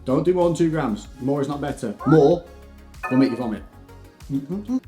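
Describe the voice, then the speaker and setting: A man's voice: medium pitch, a little fast, mellow, faint music behind. A young man chatting casually to camera about his diet and training, playful, with silly whoops and hums. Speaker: fitness vlogger. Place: home and garage gym. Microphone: shotgun mic on camera.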